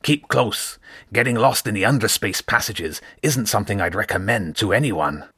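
A man voicing an eager, fight-hungry male rat with a husky Scottish-tinged voice in an audiobook. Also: lowish voice, expressive, moderate pace, sharp tone, dry recording, studio quality, full character voice. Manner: gleeful and bold. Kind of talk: audiobook character voice.

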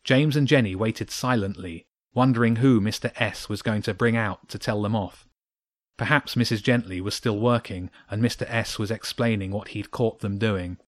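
A man narrating a children's audiobook in a steady, even storytelling manner. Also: lowish voice, moderate pace, dry recording, clean studio sound. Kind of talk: audiobook reading.

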